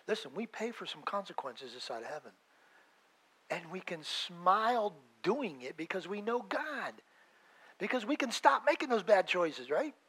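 Male pastor, middle-aged, fervent sermon delivery, voice sits a bit high, rises and drops sharply in volume. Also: husky, rough recording. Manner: emphatic preaching, swinging between loud and hushed.

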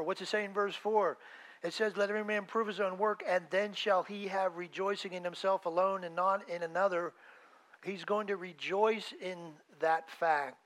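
A man preaching a conversational sermon as a pastor, swinging between loud emphasis and quiet, low asides.

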